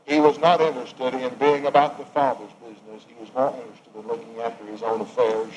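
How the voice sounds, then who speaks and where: A man preaching a sermon, swinging from raised emphatic lines to hushed, quiet ones. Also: mid-range voice, level tone, fairly quick, poor audio.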